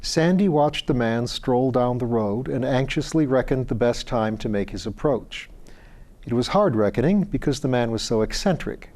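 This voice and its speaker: A man reading a story aloud in a calm, measured narration. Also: medium pitch. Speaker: audiobook reader.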